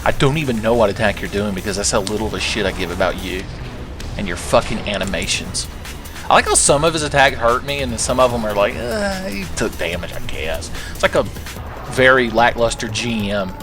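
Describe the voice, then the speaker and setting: A man's voice: lowish voice, fairly quick, music in the background. A man casually commentating his own gameplay, joking, swearing and trash-talking the enemies. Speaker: gaming commentator. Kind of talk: casual let's-play commentary.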